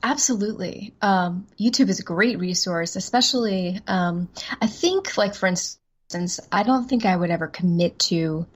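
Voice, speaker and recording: A woman voice-over actress chats as a guest in a casual interview, rambling, self-deprecating and laughing easily. Her voice is medium-pitched at a moderate pace.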